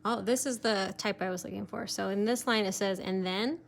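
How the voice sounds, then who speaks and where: Woman, teacher, recorded remote lesson, step-by-step explaining, lots of fillers, mid-pitched voice. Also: steady tone, brisk, creaky, a little hiss or hum.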